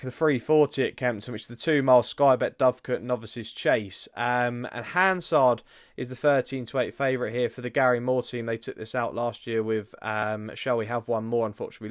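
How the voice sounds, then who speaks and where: A man co-hosting a horse racing preview, running through the odds briskly with chatty asides. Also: mid-range voice, dry recording, clean studio sound. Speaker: racing tipster co-host. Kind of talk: casual racing preview chat.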